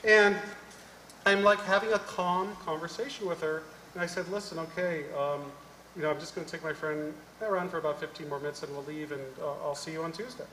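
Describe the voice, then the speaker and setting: A man giving a conference talk, telling a story in an animated way and acting out the dialogue. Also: fairly high pitch, fast. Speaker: conference speaker. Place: conference hall. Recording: roomy hall with long reverb, faint noise.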